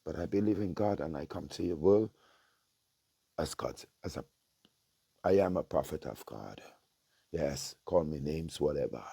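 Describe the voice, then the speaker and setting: A man with an extremely deep, gravelly voice preaches as a self-proclaimed prophet, murmuring prayers and then thundering accusations. His tone is husky and rough, recorded dry and close with no room sound. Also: unhurried, long pauses, dry recording. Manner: intense, repetitive, switches between hushed prayer and loud denunciation.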